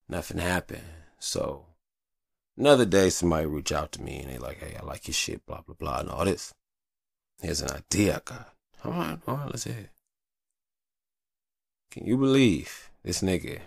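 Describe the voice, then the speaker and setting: A man's voice: low-pitched, gravelly, husky, dry recording, clean studio sound. A man hosting a podcast, venting in a heated, profane casual monologue. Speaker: podcast host.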